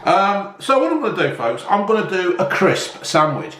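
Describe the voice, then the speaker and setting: A vlog host cooks at home, chatting casually with viewers and cursing freely. His voice sits high and sing-song, fairly bright, at a normal speed. The room is echoey, with slight background noise.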